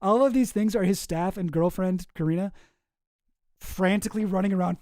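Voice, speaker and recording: A man's voice: sits high, normal speed, a little mellow, no room sound, studio quality. A man hosting a casual commentary show, reading emails aloud with chuckling asides. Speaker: host.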